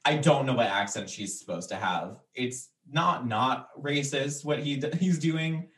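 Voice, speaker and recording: A man's voice: medium pitch, a little slow, a bit bright. A man co-hosting a podcast in casual chat, joking and laughing mid-sentence. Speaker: podcast co-host. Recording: echoey, a bit far from the mic.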